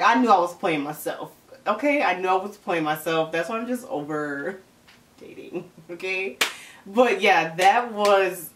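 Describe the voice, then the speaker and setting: Animated young woman from Chicago, roomy room. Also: on the low side, distant mic. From Chicago area. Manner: animated, dramatic, chatty with frequent laughs. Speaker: vlogger. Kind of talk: casual storytime. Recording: roomy, from the mic.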